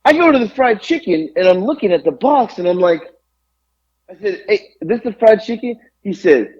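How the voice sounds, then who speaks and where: Animated, profane ranting man. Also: high voice, moderate pace, lo-fi sound. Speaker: podcast co-host. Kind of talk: casual storytelling rant.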